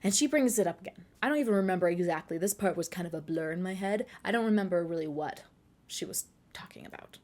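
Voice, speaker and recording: A young woman in her twenties telling a personal story in a casual vlog, chatty and rambling, with asides and self-corrections. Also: medium pitch. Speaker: vlogger.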